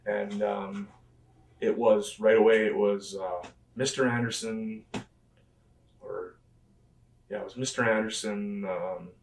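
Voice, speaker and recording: Slow and marked by long pauses, a man with a lowish voice and fairly even intonation meanders through filler-heavy retellings of past conversations. He is a professional wrestler guesting on a conversational storytelling interview, recorded from a distance in an echoey room.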